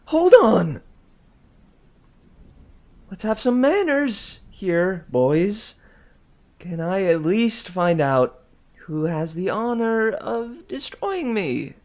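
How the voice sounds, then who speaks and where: A man doing a high, cheeky teen boy. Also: drawn-out words, gravelly, few pauses, husky, heavily acted. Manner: high, loud, excitable sarcasm. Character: wisecracking teenage boy hero, cheeky.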